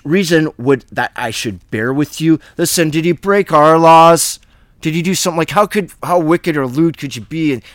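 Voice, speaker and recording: Male bible teacher, slightly high voice, close dry mic, reads scripture then breaks into chatty asides. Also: clear, resonant tone, dry recording. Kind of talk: casual verse-by-verse bible study.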